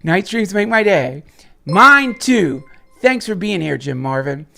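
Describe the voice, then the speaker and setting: A man's voice: sits high, sing-song, slow, gravelly, bright, forceful tone, faint music behind. A man hosting a livestream, rambling casually and profanely with lots of restarts and chuckles while reading viewer chats.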